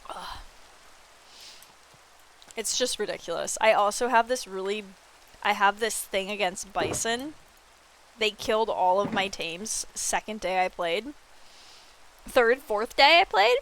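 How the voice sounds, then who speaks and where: A woman streamer with a medium-pitched voice chats casually while playing a building game, speaking a little slowly with long pauses. She tells stories full of excited, animated quoted reactions and swears freely.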